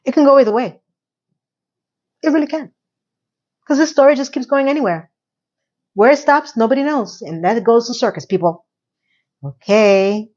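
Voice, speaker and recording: A woman's voice: fairly high pitch, moderate pace, long pauses. Sarcastic woman reviewing TV, lo-fi. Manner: animated, sarcastic, swings between loud and soft. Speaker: TV review vlogger. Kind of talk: casual chatty review.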